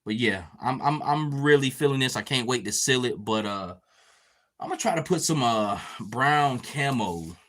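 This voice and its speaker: A man with a mid-range, fairly bright voice hosts a casual podcast. He chats loosely and swears a lot while painting a figure and reading comments from the chat, all in a laid-back way.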